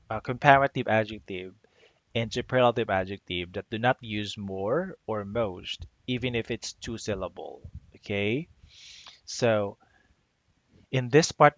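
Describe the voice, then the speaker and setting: A man with a low, gravelly voice gives a grammar lecture. He explains step by step and keeps checking in with "okay?". The recording is dull and lo-fi. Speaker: teacher.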